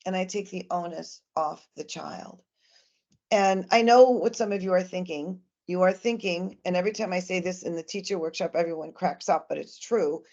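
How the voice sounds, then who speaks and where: A woman's voice: lowish voice, normal speed, a little mellow, muffled recording. A woman giving an earnest, emphatic presentation to parents about communicating with children.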